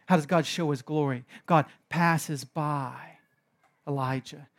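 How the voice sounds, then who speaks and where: A man preaching a sermon in an animated way, moving between hushed and emphatic delivery. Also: on the high side, slow. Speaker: pastor.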